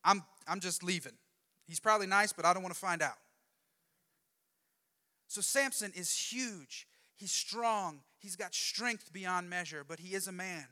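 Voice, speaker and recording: A man preaching a sermon, retelling a story in a lively, conversational, jokey way. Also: high voice, unhurried. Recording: long hall reverb.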